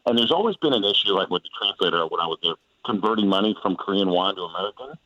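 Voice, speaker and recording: Deep, fast-talking man telling a story. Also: muffled recording. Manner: relaxed storytelling with quoted dialogue. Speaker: former pitcher and guest. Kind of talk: casual sports radio chat.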